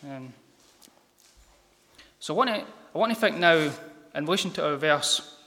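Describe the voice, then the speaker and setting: Halting man preaching in a reverberant hall. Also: on the high side, lively intonation, pushed and bright. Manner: halting, many ums and repeated words. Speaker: lay preacher. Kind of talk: informal gospel sermon. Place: church hall.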